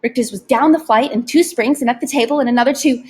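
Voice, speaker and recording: A woman reads an audiobook aloud with steady, expressive storytelling. Her voice sits a touch high and has a breathy, husky texture. The delivery stays even and clear through the narration. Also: fast, few pauses. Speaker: audiobook reader.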